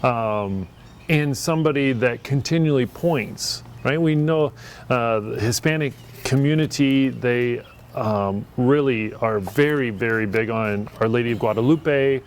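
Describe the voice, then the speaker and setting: A man of middle pitch, a priest, speaks in an easy, conversational way. He is earnest and reflective and loops back to restart his thoughts. A faint hiss of noise sits under the voice. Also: measured pace. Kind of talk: casual conversation.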